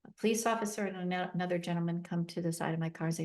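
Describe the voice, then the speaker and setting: A middle-aged woman with a somewhat low voice tells her own story as a podcast guest. She recounts events vividly, acting out each exchange with emotion. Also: steady tone, racing, hardly any pauses, darkish tone. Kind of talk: personal storytelling.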